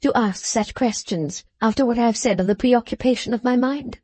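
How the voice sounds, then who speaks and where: A woman voicing a calm, distracted middle-aged mother who brushes off her daughter with cool composure. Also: fairly high pitch, fairly quick, no echo, natural voice. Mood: serenely dismissive.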